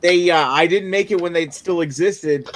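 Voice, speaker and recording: A man's voice: high voice, normal speed, background noise. Easygoing man with a Maritime Canadian accent. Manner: easygoing, self-deprecating. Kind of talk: casual chat.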